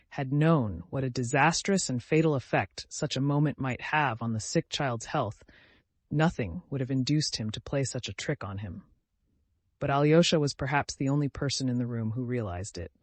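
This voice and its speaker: Guy reading a classic audiobook, mid pitch, calm measured delivery, dead dry mic. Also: no echo. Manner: measured, even storytelling. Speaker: audiobook narrator. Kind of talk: scripted audiobook narration.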